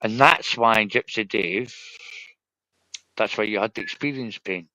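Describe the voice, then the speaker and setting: A man's voice: on the low side, measured pace, pushed and bright, no echo, lo-fi sound. Sweary Scottish man rambling on a stream. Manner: rambling, sweary, peppered with "right?". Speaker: livestream host. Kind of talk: casual chat.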